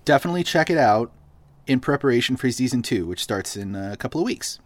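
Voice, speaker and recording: Male podcast host, mid-pitched, chatty and enthusiastic, close dry mic. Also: animated, fast talker, no room sound. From Boston. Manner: enthusiastic, filler-heavy recommending. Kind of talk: casual chat.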